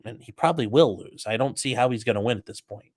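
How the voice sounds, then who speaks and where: A man's voice: mid-range voice, fast talker, husky. A man hosting a show, giving blunt, emphatic commentary on a trial with sports analogies and some swearing. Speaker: host commenting on a trial clip. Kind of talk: casual commentary.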